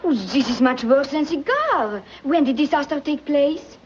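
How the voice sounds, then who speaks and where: A coquettish French maid. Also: female voice, high voice, animated, moderate pace. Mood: coaxing. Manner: coquettish, sprinkles French words, broken English. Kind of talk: 1940s film acting. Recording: dull old film soundtrack, faint hiss.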